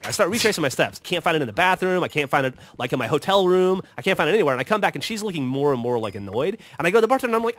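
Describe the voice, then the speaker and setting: A man's voice: mid-range voice, dry recording. A man telling funny stories in casual chat, swearing and acting out what people said. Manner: animated, swearing, acts out quoted lines. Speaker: podcast host telling stories. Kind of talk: casual storytelling.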